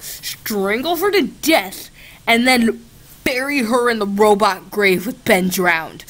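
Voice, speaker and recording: Slow-talking, sarcastic young woman vlogger. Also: mid-range voice, fairly bright tone. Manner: sarcastic and giggly, swears often, mock-exasperated. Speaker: gaming video creator. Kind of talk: casual chat with a chatbot on camera. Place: home, at a laptop.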